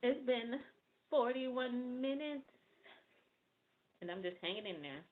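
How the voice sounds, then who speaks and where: Excitable chatty woman, tinny phone audio. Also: fairly high pitch, slow. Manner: chatty, excitable, thinks out loud. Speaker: livestream host. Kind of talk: casual livestream chat with viewers.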